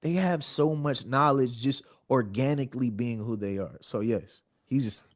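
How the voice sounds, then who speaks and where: A man's voice: medium pitch, a little slow. A man in his thirties, a podcast guest, speaking earnestly and often repeating words as he builds a point. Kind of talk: heartfelt conversational storytelling.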